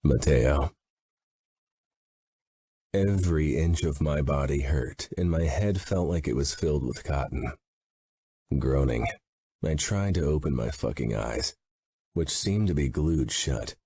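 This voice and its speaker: Gruff, very deep-voiced male narrator. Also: expressive, a little slow, mellow. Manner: gruff, blunt, swearing. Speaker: audiobook narrator. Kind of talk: first-person audiobook narration.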